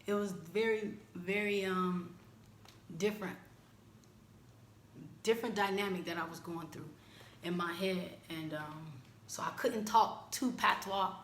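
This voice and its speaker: Brief: a woman from the United States with a low voice, speaking candidly about her past in a searching, halting way. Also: a bit bright, roomy sound, slight background noise. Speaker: vlogger. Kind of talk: personal reflective monologue.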